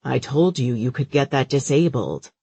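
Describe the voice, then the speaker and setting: A man's voice: medium pitch, expressive, moderate pace, warm tone, husky, no room sound. A man voicing an exasperated grown son in an audiobook, weary and fed up. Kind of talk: audiobook character voice.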